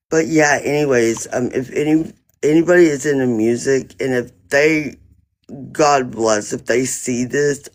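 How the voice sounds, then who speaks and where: A man's voice: medium pitch, vocal fry. A man on a phone live stream, rambling through an indignant, profane story about a neighbor in casual chat. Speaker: livestreamer.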